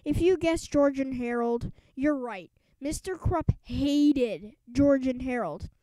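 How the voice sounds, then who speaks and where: A woman's voice: high voice, slow, dark tone, no echo, low-quality recording. A woman reading a children's book aloud in an emphatic storytelling lilt, now and then stumbling and restarting words. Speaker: audiobook reader.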